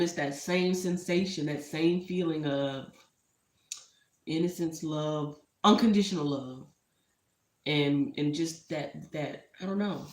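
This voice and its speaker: A woman's voice: low voice, normal speed. A woman talking casually to the camera as a vlogger. She is heartfelt and a little emotional, and she keeps drifting into asides. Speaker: entrepreneur vlogger. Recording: roomy echo.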